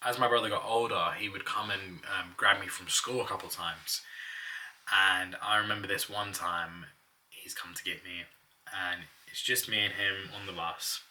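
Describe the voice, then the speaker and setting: A man's voice: deep voice, fairly even intonation, moderate pace, bright, forceful tone, recorded from a distance. A young man telling personal stories in a casual, chatty way, often laughing as he talks. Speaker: vlogger.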